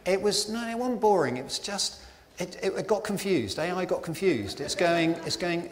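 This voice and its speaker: A man's voice: high-pitched, animated, moderate pace. A man giving a chatty, self-deprecating sermon in a church, full of fillers and asides. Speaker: preacher. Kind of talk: conversational sermon. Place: church hall. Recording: reverberant hall with faint ambience.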